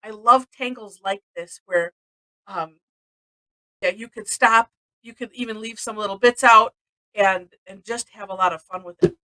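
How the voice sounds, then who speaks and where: A woman's voice: medium pitch, moderate pace, pushed and bright, low-quality recording. A woman from Missouri teaching a live-streamed drawing lesson, chatty and rambling, often laughing between steps.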